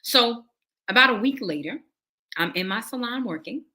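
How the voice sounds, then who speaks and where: A woman preacher telling her testimony to a livestream audience, animated and acting out the conversations as she goes. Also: on the high side, moderate pace. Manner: animated storytelling that acts out dialogue and addresses listeners as y'all. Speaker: prophet and preacher.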